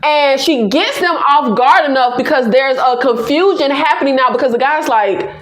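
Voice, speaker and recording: Woman gushing thru a show recap, high voice, lots of exclaiming, room echo. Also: normal speed. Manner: animated, exclaiming, laughing, addresses viewers as "y'all". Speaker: TV episode reviewer. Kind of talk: excited casual recap.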